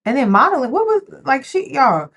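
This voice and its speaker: A woman's voice: high-pitched, very animated, moderate pace, fairly bright tone. A woman hosting a reaction video, giving casual, sassy commentary straight to her viewers. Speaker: commentary host.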